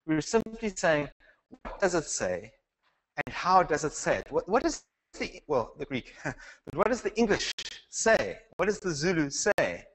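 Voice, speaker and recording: A man's voice: a little high, sing-song, a little slow, fairly bright tone, poor audio. A man teaching a Bible class in a conversational lecture style, asking the class questions and restarting his sentences. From South Africa.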